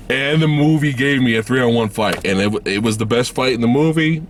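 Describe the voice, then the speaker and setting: A man hosting a casual movie review vlog, swearing freely and acting out scenes in high mocking voices. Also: fairly quick, few pauses, noisy background. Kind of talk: casual spoiler review chat.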